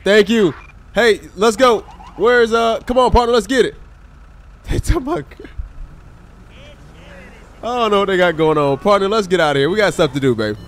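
A man with a high-pitched voice, speaking a little fast, streams a police role-play game live as a state trooper. He's animated, chatting with viewers and exclaiming at the game characters.

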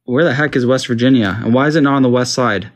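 A gamer from Canada speaks fast in a medium-pitched voice, casually commenting to himself during a map quiz game. He sounds confused and keeps joking around.

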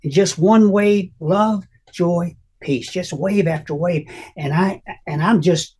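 An older man telling an emotional personal testimony as an interview guest, earnest and halting, often restarting his sentences. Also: high-pitched, darkish tone, husky.

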